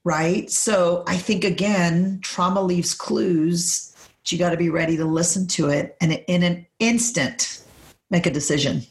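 A woman's voice: fairly low pitch, steady tone, measured pace. A woman in her forties, a podcast guest, speaking in emphatic preacherly declarations and repeating phrases for emphasis. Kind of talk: faith-based podcast conversation.

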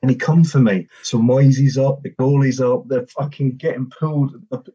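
A man's voice: mid-range voice, moderate pace, slightly rough. A former footballer telling blunt, sweary stories from his playing days in casual chat. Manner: swearing, animated storytelling with acted quotes. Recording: dull lo-fi sound.

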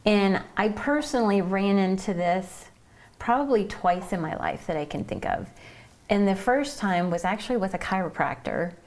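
A woman's voice: medium pitch, expressive, normal speed, darkish tone. A woman from Ohio co-hosting a faith podcast, explaining earnestly in casual chat and backing her co-host with frequent "mm-hmm"s. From Ohio, United States.

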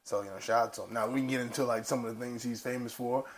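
A man co-hosting a pop-culture podcast, talking in a relaxed, rambling way and laughing often. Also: medium pitch, rapid-fire. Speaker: podcast co-host. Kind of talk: casual chat.

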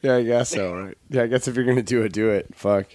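A man's voice: medium pitch, fairly even intonation, fast talker, darkish tone, no room sound. A man hosting a podcast, laid-back and crude, laughing often. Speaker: podcast host. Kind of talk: casual podcast chat.

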